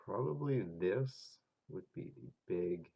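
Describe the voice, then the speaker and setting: A man with a very low, gravelly voice, stuffed up from a cold, talks slowly through his trading charts. He thinks aloud and fills gaps with "uh" and "um". The recording is dull and lo-fi, with faint mouse clicks behind him. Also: lively intonation. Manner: thinking aloud with hesitant fillers. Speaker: forex trading video host. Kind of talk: casual chart walkthrough.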